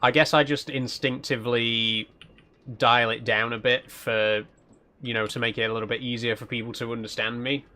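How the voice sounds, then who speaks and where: A man's voice: mid-range voice, level tone, normal speed, bright, forceful tone. A man with a mild Yorkshire accent, chatting and thinking aloud as he plays on a live stream. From South Yorkshire, England. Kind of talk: casual live-stream commentary while playing.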